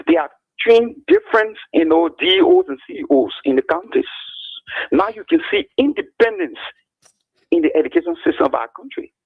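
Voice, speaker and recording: A man calls in to defend his point, repeatedly naming the host. His high voice is gravelly and husky, with huge swings in pitch. The phone-like line sounds dry and tinny. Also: wildly swooping pitch, moderate pace, dry recording. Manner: argumentative, addresses the host by name. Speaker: caller. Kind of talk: political call-in commentary.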